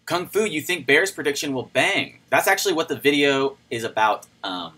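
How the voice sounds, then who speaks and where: A man's voice: a little high, animated, normal speed, pushed and bright, low-quality recording. A man hosting a casual livestream, chatting loosely and greeting viewers by name as he reads their comments. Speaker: crypto livestream host.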